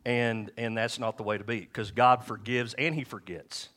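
A middle-aged man preaching a sermon in a church, talking candidly and with self-deprecating humor, and slowing down to read scripture aloud. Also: mid-range voice, fairly even intonation, fairly bright tone. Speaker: pastor.

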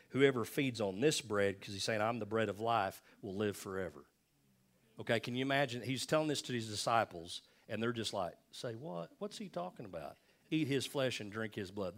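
An older man, a pastor, preaching a sermon in a conversational, folksy way, repeating lines for emphasis. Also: lowish voice.

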